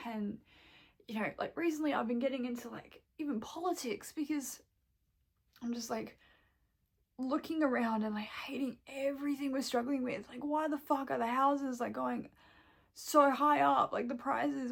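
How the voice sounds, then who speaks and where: Lady ranting on her vlog, kinda high voice, swears a lot, keeps saying like. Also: gravelly. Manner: rambling, full of "like" and swearing, upset. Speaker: vlogger. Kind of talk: casual emotional vent to camera.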